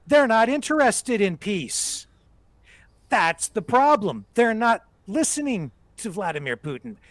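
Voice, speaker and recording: A man's voice: sits high, sing-song, a little slow, fairly bright tone, no room sound. A man hosting live political commentary, emphatic and ranting, hammering his points through repetition.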